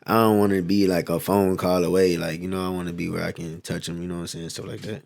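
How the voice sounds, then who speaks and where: Low, gravelly-voiced man from Houston. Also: level tone, fast, darkish tone. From Houston, Texas. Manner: laid-back, rambling, peppered with slang. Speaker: rapper guest. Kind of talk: casual interview chat.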